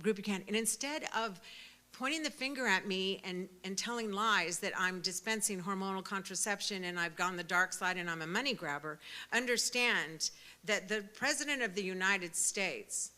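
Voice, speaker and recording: A woman in her sixties giving an impassioned speech at a pro-life event, fervent and emphatic, rising to loud peaks. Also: medium pitch. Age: 60s.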